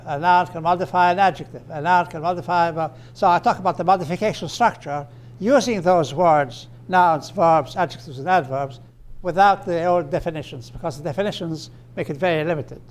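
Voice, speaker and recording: A man with a fairly high voice lectures on grammar. He slows down and stresses each example phrase, then explains it with small fillers and restarts. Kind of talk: recorded lecture.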